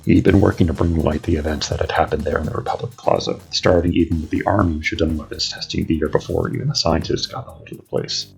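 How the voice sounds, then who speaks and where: An actor playing a calm male guide character who explains things in a brisk, matter-of-fact way. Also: extremely low pitch, gravelly, full character voice.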